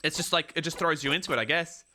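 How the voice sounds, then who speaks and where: A man casually commenting on a game he plays for the first time, rambling excitedly and laughing often. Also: fairly high pitch, quick pace, slight background noise. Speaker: gameplay streamer. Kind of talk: casual let's-play commentary. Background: game music.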